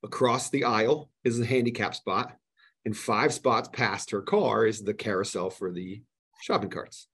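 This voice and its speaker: A man, a podcast guest, telling stories in a casual and animated way. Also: fairly low pitch, normal speed, slightly rough. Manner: animated, retells heated exchanges. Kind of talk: casual storytelling.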